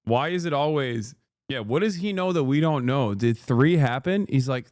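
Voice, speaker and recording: A man streaming and reacting to a video in casual commentary, loud, profane and incredulous. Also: mid-range voice, animated, normal speed, no room sound, clean studio sound.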